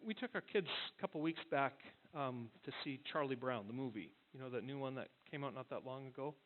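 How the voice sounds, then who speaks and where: A man's voice: mid-range voice, brisk. A male pastor giving a sermon in a conversational storytelling way, often restarting his words. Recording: tinny phone-like sound.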